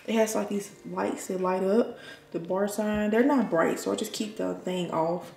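A woman's voice: mid-range voice, normal speed, creaky, a little mellow, soft background music. A woman in her twenties touring her apartment in a casual vlog, chatting to viewers as y'all. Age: 20s. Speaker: nurse vlogger. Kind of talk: casual home tour vlog. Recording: echoey room with faint noise.

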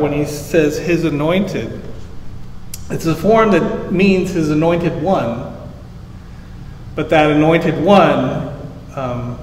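A man with a fairly high voice gives a sermon in a church sanctuary, explaining the text in a casual, teaching tone. His voice rings through a large echoey hall with a long tail of reverb and faint room ambience behind it. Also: a little hiss or hum. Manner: conversational teaching, explains Hebrew terms simply, rises emphatic on scripture. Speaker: pastor.

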